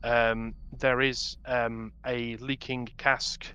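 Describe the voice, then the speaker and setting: A man's voice: mid-range voice, little pitch movement, slow, bright, forceful tone, clear, resonant tone, lo-fi sound. A man running a tabletop game as game master, describing scenes at length with many ums and restarts.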